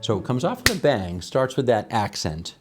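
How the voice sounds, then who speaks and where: A man explaining a piano arrangement in a tutorial, enthusiastic and relaxed, musing aloud between examples. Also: medium pitch, moderate pace. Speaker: piano teacher. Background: piano playing.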